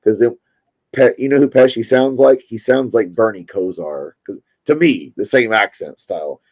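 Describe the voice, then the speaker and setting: Low, mellow Kentucky man rambling to chat. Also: moderate pace. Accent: Louisville Kentucky. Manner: rambling, chatty, self-interrupting. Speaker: streamer. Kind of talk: casual chat with viewers.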